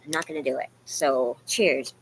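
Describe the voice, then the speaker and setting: A woman's voice: a bass voice, fairly even intonation, moderate pace, slight background noise. A woman talking casually and emotionally to her livestream chat, rambling and confessional, full of "you guys" and "like". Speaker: vlogger talking to live chat.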